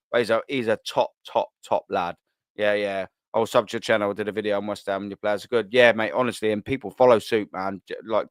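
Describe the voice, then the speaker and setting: Young guy, live-stream host, smooth dry close voice, slangy, repeats himself, swears. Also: medium pitch, a bit bright, no room sound. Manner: slangy and repetitive, swears, loops back on phrases. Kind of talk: casual live-stream chat.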